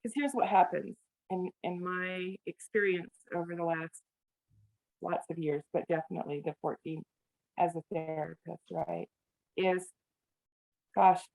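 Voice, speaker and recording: A woman's voice: lowish voice, fairly even intonation, unhurried, creaky, pauses often, darkish tone. A woman who works as a family therapist, talking earnestly in an interview, sometimes mimicking a scolding parent. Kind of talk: podcast interview. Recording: tinny phone-like remote line.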